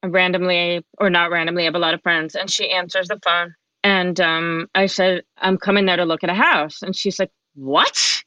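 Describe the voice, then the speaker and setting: A middle-aged woman talking as a podcast guest, telling a personal story in a lively, chatty way and acting out the lines of other people. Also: fairly low pitch, fairly quick, few pauses, no room sound. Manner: animated, chatty, acts out quoted dialogue. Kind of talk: conversational storytelling. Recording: dull, dry lo-fi sound.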